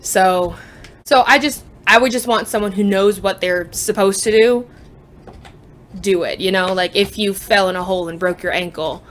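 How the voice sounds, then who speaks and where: A young book vlogger chats casually about books she has read, joking, sarcastic, and full of asides. Her voice sits on the high side and is a bit bright.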